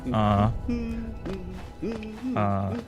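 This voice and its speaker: A man's voice: lowish voice, monotone, extremely slow, dull audio, over music. A man live-streaming a game, chatting casually and joking with his chat. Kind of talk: live gameplay commentary.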